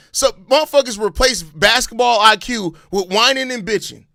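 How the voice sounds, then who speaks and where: Man, sports reaction host, high voice, blunt and profane, dry close mic. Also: normal speed, no room sound. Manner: blunt and profane, swings into loud rants. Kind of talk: live postgame reaction.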